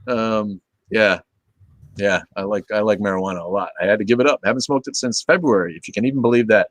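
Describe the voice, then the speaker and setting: A middle-aged man with a lowish voice chats loosely on a livestream, swearing freely and drifting between thoughts. His words often sink into quiet mumbles at the ends of phrases. The sound is dry and close, with little room around it. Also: fast, no echo. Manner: rambling, profane, laid-back, trailing off into low mumbles. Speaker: livestream host. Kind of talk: casual livestream chat reading viewer comments.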